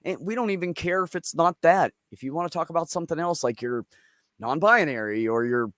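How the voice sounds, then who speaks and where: A man's voice: on the high side, expressive, brisk, fairly bright tone, dry recording, studio quality. A middle-aged man hosting a casual live chat, telling stories bluntly and with lots of swearing and joking. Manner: blunt, profane, joking storyteller. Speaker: livestream host.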